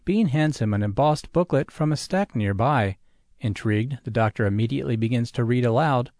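A man's voice: medium pitch, a little mellow, no room sound, studio quality. A man reading a story and articles aloud as a narrator, voicing the characters' lines in lightly raised tones. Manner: reads web addresses slowly letter by letter. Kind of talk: scripted narration.

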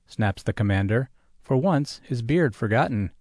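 A man's voice: medium pitch, expressive, darkish tone, no room sound, clean studio sound. A man reading a story and articles aloud as a narrator, voicing the characters' lines in lightly raised tones. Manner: reads web addresses slowly letter by letter. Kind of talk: scripted narration.

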